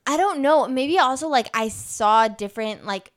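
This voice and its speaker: This young female podcast co-host has a high, expressive voice and speaks at a moderate pace. Her casual chat rambles along, full of fillers and false starts.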